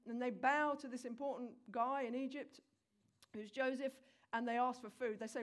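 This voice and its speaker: Emphatic higher-voiced woman preaching. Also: moderate pace. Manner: storytelling, emphatic, conversational with congregation. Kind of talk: sermon.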